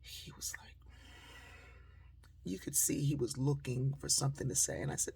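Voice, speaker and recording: Storytelling speaker, woman, gravelly and husky, animated, acts out dialogue. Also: rumbling low, normal speed, long pauses, whispered. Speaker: motivational speaker. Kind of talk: storytelling talk.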